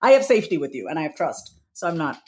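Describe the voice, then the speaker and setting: Woman guest, New York accent, lively and frank, quick to laugh. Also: sits low. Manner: animated, laughs often, candid. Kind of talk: podcast conversation.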